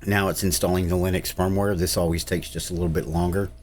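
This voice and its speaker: Laid-back low-voiced man. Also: flat delivery, fast, a little mellow, a little hiss or hum. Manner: easygoing, rambling, with filler uhs. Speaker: tech channel host. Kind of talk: casual screen-recorded tutorial narration.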